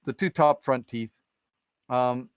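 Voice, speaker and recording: An indignant weasel scolds a thief in a smooth, clear voice, close and dry, with a man putting him on during a folktale. He sounds righteous and fed up, much like the teller's own voice. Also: mid-range voice, takes it slowly, dry recording, natural voice. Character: angry male weasel farmer.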